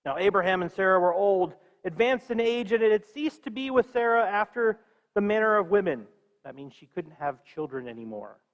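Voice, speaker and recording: High-voiced man teaching a class. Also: expressive, brisk, in a large hall. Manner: conversational, quizzes the students. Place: church.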